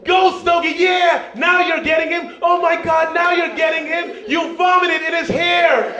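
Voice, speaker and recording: A man's voice: very high voice, fairly even intonation, a little slow, raised voice, a loud crowd, pitched above the performer's own voice. A man voicing his little sisters as cheering young girls, squealing in a cheerleader chant. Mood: shrill cheering. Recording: roomy dull club recording.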